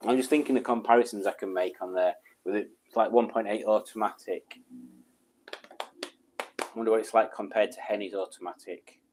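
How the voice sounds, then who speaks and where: A man's voice: lowish voice, steady tone, a little fast, darkish tone, slight background noise. A man chatting casually on a live stream, reading out viewers' messages, rambling with ums and chuckles.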